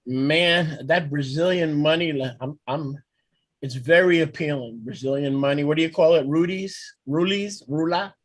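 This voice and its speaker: A man's voice: a little high, moderate pace, no room sound. Playful man teasing from the pulpit. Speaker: congregation leader. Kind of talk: joking teaching banter.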